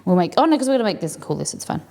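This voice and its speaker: A woman's voice: mid-range voice, very animated, racing, dark tone, slight background noise. A woman hosting a live cooking stream, chatting casually and thinking aloud as she works in a home kitchen.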